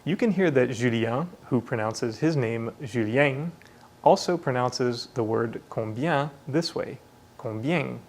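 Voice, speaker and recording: A man teaching French in a clear, explanatory way, modeling pronunciations. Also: mid-range voice, measured pace, darkish tone, a little hiss or hum. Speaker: language teacher. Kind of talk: scripted lesson narration.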